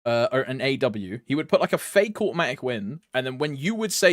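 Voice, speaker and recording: Lively, laughing young man streaming a game. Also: medium pitch, fairly quick, no room sound, studio quality. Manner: rambling, laughs often, crude slang. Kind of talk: casual stream chat.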